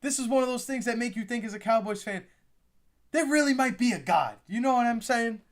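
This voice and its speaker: A man's voice: extremely high pitch, lively intonation, fairly quick. A young man hosting a live reaction stream, exclaiming and repeating himself as he talks to his chat. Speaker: livestream host reacting to the draft.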